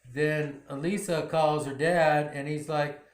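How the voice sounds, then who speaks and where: A man's voice: fairly high pitch, steady tone, slow pace. Man rambling through a drama recap. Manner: rambling, many "you know" fillers. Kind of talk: casual episode recap. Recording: roomy echo.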